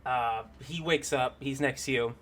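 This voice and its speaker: A man narrating as game master of a tabletop role-playing game, loose and casual with fillers, breaking into loud bursts for figures. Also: medium pitch, measured pace. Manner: loose, laughing, with fillers and shouted bits for figures.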